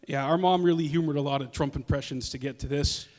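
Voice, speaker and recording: A man's voice: a little high, fast, background noise. A man in his thirties doing a chatty, self-deprecating stand-up set on a small arts venue stage. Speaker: comedian. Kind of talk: stand-up comedy duo set. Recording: long hall reverb.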